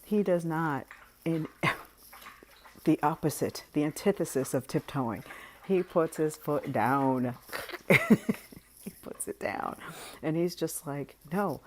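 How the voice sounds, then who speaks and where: A woman with a notably deep, low-pitched voice talks straight to her viewers in a casual monologue. She is frank and unhurried, often laughing and letting sentences trail off. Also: darkish tone, slight background noise. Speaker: vlogger.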